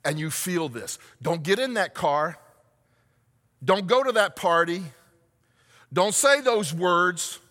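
A man preaching a sermon in a high, bright voice, his words ringing out in a long hall reverb. He speaks as a pastor, firing rhetorical questions at the congregation and building to shouts. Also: animated, slow, long pauses.

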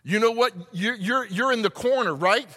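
A man preaching a sermon in a high, bright voice, his words ringing out in a long hall reverb. He speaks as a pastor, firing rhetorical questions at the congregation and building to shouts. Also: moderate pace.

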